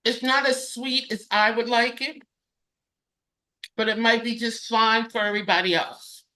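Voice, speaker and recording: A woman guest casually demonstrating a recipe and telling her story, halting and correcting herself often. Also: on the high side, steady tone, pushed and bright. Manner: halting, self-correcting, many fillers.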